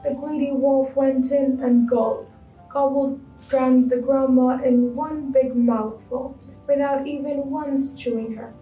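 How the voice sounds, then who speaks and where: A woman reading a children's story aloud in a clear, expressive storybook way. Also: high voice, slow pace, echoey room, distant mic, phone-quality sound, faint music behind.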